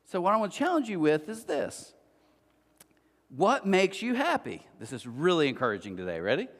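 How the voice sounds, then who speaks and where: Middle-aged guy preaching, goofy self-mocking stories, high voice bouncing up and down, big echo. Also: normal speed. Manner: animated storyteller with self-mocking humor, talks straight to listeners. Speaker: pastor. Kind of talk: conversational sermon. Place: church auditorium. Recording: long church-hall reverb.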